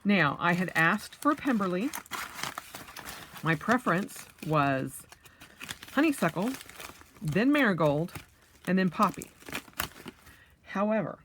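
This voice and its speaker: Slow-talking woman unboxing, chatty. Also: on the low side, sing-song, fairly bright tone, slight background noise. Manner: chatty, thinking aloud with frequent fillers and squeals of delight. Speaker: vlogger. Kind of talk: casual unboxing vlog.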